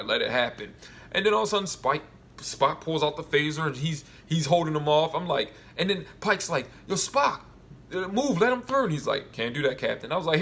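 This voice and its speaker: A man giving a casual solo review of a TV episode, rambling and animated as he retells scenes with quoted voices. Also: medium pitch.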